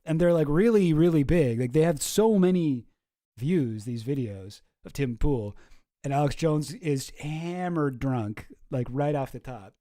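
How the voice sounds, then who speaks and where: A man's voice: on the high side, expressive, unhurried, mellow, dry recording. Guy on a stream reacting to clips, chatty and laughing a lot, close dry mic. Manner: chatty, self-deprecating, laughs often. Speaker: streamer host. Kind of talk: casual reaction commentary. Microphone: close microphone.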